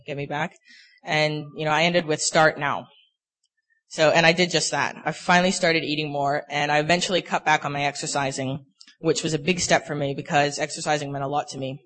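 Young man, slightly higher voice, earnest and halting, sharing a faith testimony. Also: a bit bright. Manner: earnest, halting, full of "you know" fillers. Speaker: speaker sharing a personal testimony.

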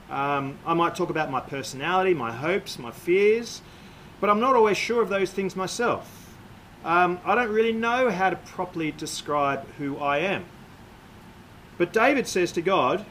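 A man preaching a sermon, with a voice pitched a little above average. He talks in a measured, explanatory way, pausing on "uh" and "um". A faint hiss of noise sits under the voice. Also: a bit bright, poor audio. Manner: measured, explanatory, frequent "uh" and "um" fillers.

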